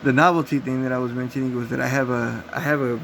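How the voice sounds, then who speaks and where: A man's voice: mid-range voice, fairly even intonation, quick pace, vocal fry, a bit bright, a little hiss or hum, rough recording. A young man telling a rambling, profane story casually, acting out gunshot sounds. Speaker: vlogger.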